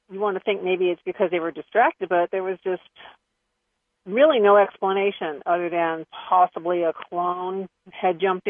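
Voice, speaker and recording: A woman's voice: fairly low pitch, no room sound. A woman co-hosting a talk radio show, telling a story in a chatty, hesitant way over a tinny phone line. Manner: chatty, hesitant, with soft laughs. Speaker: radio co-host. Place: Los Angeles area, over the phone.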